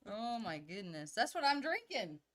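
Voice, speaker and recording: A woman's voice: mid-range voice, big pitch swings, moderate pace, fairly bright tone. A woman co-hosting a live stream, giggling and chatting casually as she mixes drinks. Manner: giggly, chatty, playing bartender. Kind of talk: casual chat.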